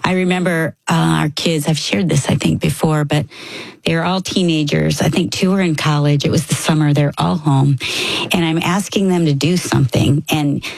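A middle-aged woman with a lowish, gravelly, husky voice tells earnest stories about her family. She co-hosts a casual faith talk, slipping into lively retellings, and the sound is close and dry. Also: dry recording, rough recording. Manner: earnest, storytelling, animated retellings.

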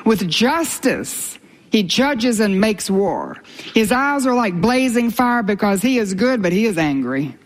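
Older lady preaching, earnest and fired up, drops into breathy whispers to stress stuff. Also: medium pitch, sing-song, unhurried. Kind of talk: sermon.

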